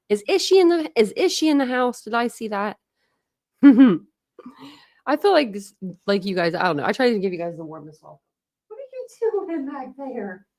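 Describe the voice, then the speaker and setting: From a room at home with her dogs, a woman hosts a casual livestream, breathless and chatty, greeting viewers by name and laughing often. Her voice is on the low side, in clean studio sound with no room noise.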